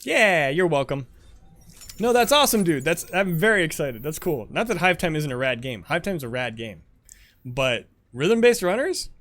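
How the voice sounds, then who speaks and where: A man chatting casually with viewers while streaming a game, answering chat as he plays. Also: moderate pace. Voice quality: lively, animated pitch.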